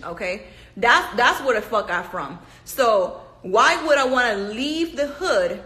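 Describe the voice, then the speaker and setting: A woman's voice: fairly high pitch, bright, forceful tone. A woman from Panama, ranting bluntly to camera in a casual, profane, emphatic way, repeating herself for force. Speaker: reality TV cast member. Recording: echoey room.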